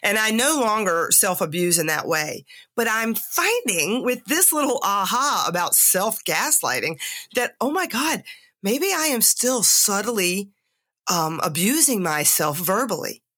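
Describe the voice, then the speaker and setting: Bright-voiced woman podcaster, candid and sick. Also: mid-range voice, sing-song, a little slow. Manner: candid, confessional, self-mocking asides. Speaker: podcast host. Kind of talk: personal reflective monologue.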